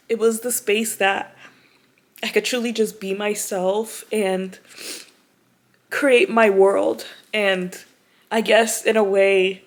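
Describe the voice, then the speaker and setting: A young woman talks to her camera at home in an open, heartfelt way, close to tears as she speaks. Her voice sits at a middle pitch. She keeps it casual and chatty, full of "like", "you know" and "girl". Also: flat delivery, slow, long pauses. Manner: casual, chatty, calls viewers "y'all" and "girl". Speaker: vlogger. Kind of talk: emotional personal vlog talk to camera.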